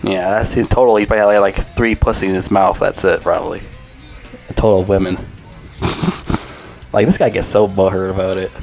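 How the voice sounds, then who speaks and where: A man's voice: sits low, steady tone, fairly quick, gravelly, pauses often, darkish tone, soft background music. A man in his twenties giving a casual, rambling and profane movie review. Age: 20s.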